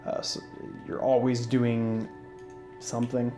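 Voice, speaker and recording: A man hosting a casual let's-play, talking through his moves in a relaxed, rambling way with lots of fillers and restarts, yawning and sleepy. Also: mid-range voice, slow. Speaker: gaming channel host. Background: faint game music.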